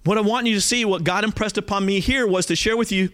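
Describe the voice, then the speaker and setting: A man's voice: high-pitched, quick pace. A male pastor with a Southern accent preaching a sermon, talking straight to his congregation with frequent check-ins. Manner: animated, talks straight to the congregation with frequent "okay?".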